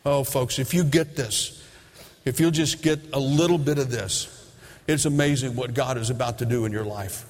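Animated preacher in a reverberant hall. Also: male voice, mid-range voice, normal speed. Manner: animated, emphatic, acts out his own dialogue. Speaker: pastor. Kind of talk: sermon with storytelling. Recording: long reverb of a large hall.

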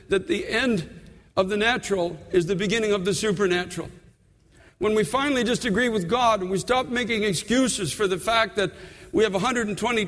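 High-voiced preacher in an echoing hall. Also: male voice, fairly bright tone. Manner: earnest, repeats words, slows for emphasis. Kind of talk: sermon.

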